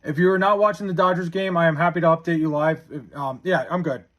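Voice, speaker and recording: A man's voice: a little high, fairly even intonation, fast talker, fairly bright tone, lo-fi sound. A young man from Long Island, New York, chatting on a live stream and reading viewer comments aloud in a blunt, profane, half-laughing way.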